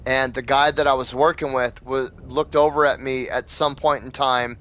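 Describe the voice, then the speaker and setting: A man's voice: medium pitch, level tone, normal speed, fairly bright tone. A man hosting a gaming channel, telling a rambling story in a casual, profane way with plenty of fillers.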